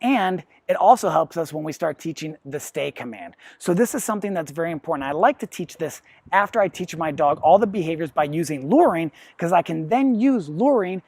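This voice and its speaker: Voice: medium pitch, expressive, fairly quick, hardly any pauses, darkish tone, no echo. A professional dog trainer explaining puppy training basics in a plain, instructive way. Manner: plain, explanatory, acts out quotes.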